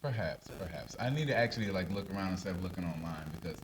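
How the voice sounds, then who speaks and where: A man co-hosting a casual podcast chat, talking things over in a reflective, lively way. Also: fast talker, distant mic, background noise. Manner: lively, reflective, drops into a higher quoted voice. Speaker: podcast co-host.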